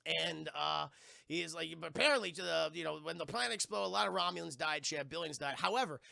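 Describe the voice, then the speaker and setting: Young guy w a high gravelly voice, cursing a lot as he recaps a show to his chat. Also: fast talker, bright, forceful tone, dry recording, clean studio sound. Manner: profane, rambling, keeps addressing chat. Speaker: TV review streamer. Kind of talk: excited spoiler recap to live chat.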